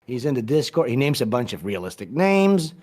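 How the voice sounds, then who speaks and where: Man, podcast guest, casual, profane, rambling, mid-pitched voice. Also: very animated, fairly quick, a little mellow. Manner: profane, rambling, restarts and mumbles. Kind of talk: casual storytelling interview.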